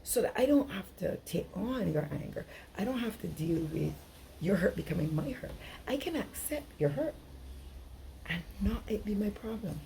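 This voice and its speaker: A woman's voice: mid-range voice, expressive, moderate pace, vocal fry, warm tone, slight background noise. A middle-aged woman giving an earnest, emphatic relationship workshop talk, often acting out dialogue. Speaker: relationship coach.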